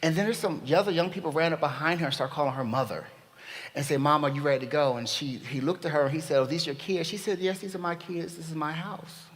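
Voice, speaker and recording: A man speaking at a panel, telling a story in an animated way and acting out the dialogue. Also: a little high, quick pace. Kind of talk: storytelling talk. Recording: long reverb of a hall.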